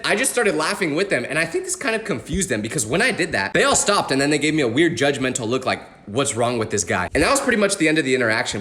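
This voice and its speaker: A young man telling funny stories as a comedian, animated and acting out voices. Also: on the high side. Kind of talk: comedic storytelling monologue.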